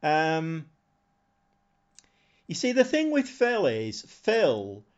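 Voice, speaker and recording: A man's voice: fairly high pitch, wildly swooping pitch, extremely slow. Chatty man on a lo-fi stream. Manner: chatty and rambling, thinks aloud, chuckles often. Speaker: game streamer. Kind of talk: casual live-stream chat.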